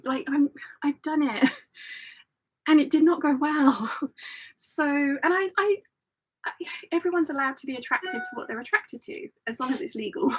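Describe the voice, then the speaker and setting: With a high voice captured on poor audio, a middle-aged woman hosts a relaxed live stream. She tells amusing stories in a chatty way and breaks into laughter often.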